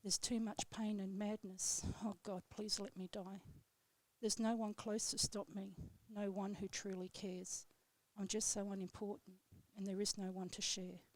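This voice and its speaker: A woman on live radio reading her own poem aloud in a steady, measured way, then chatting with the host. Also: mid-range voice, dry recording. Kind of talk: poetry reading, then casual chat. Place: radio studio.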